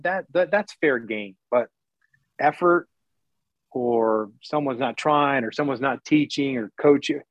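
A man's voice: medium pitch, no room sound. Blunt, candid middle-aged man, dry lo-fi audio. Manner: candid and blunt, with sarcastic asides; talks in quick bursts with many restarts. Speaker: interview guest, former baseball broadcaster. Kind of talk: casual interview talk. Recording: dry, slightly dull lo-fi recording.

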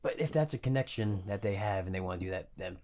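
A male guest musician chatting casually on a podcast, laid-back and soft-spoken. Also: on the low side, expressive, fast talker. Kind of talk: casual chat.

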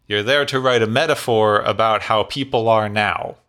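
A man co-hosting a casual discussion, opinionated and emphatic, with quick dismissive asides. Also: fairly low pitch, fairly even intonation, fairly bright tone, smooth.

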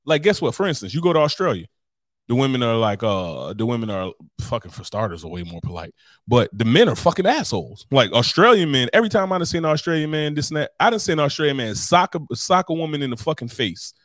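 A young man co-hosting a podcast, swearing freely and telling rambling, animated stories in casual chat. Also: mid-range voice, fast, dry recording, clean studio sound. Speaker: podcast co-host.

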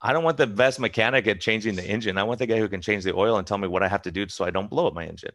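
A man's voice: fairly low pitch, racing, fairly bright tone, dry recording, clean studio sound. A middle-aged man, a preventive medicine doctor, talking casually and emphatically with many restarts and acted-out quotes. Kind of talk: casual interview talk.

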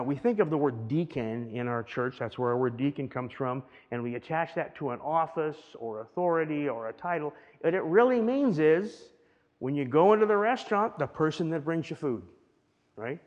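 A man's voice: a little high, normal speed, a little mellow, highs cut off. A man preaching a teaching sermon with a slightly raised voice. He talks in an easy, conversational way, stopping often to check that the congregation follows. His words ring out with a long reverb, like a church sanctuary. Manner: conversational, keeps asking "right?". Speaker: pastor.

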